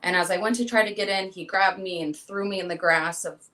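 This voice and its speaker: Speaking briskly with a sharp tone in a mid-range voice, a young woman being interviewed tells a moving personal story and acts out the quoted conversations. The audio is poor.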